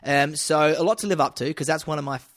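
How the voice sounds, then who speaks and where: A man's voice: fairly high pitch, fast, fairly bright tone. Easygoing man co-hosting a podcast. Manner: easygoing, swears casually, chatty asides. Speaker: podcast co-host. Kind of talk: casual podcast banter.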